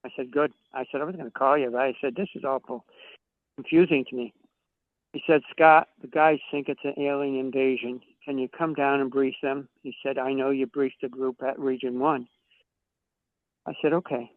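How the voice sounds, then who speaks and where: Speaking at a normal pace in a steady, medium-pitched voice, this male podcast guest tells drawn-out, foul-mouthed anecdotes and performs each character's dialogue. There's no room sound; the audio is dry and tinny, like a phone call.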